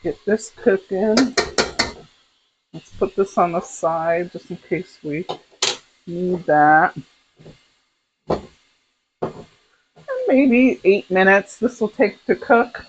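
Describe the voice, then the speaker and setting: A woman's voice: lowish voice, takes it slowly, long pauses, highs cut off. A middle-aged woman hosting a cooking video from her home kitchen, chatting in a casual, rambling way as she works. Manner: chatty, rambling, talks to camera while cooking. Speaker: cooking show host. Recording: noisy kitchen with clattering dishes. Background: pots, pans and dishes clattering.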